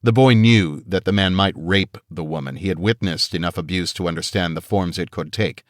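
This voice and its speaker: Deep-voiced man narrating an audiobook. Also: no echo, studio quality. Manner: steady, measured reading. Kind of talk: scripted narration.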